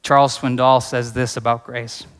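A man delivers a sermon in a church sanctuary, earnest and conversational as he weaves in personal stories. His voice sits in a middle pitch. A long reverb from the hall trails his words. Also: flat delivery, normal speed, a bit bright. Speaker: pastor.

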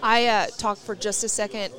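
A woman's voice: medium pitch, steady tone, moderate pace, crowd noise. A woman hosting a casual podcast interview, chatty and enthusiastic, telling stories at length. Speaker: podcast host. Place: rodeo arena event.

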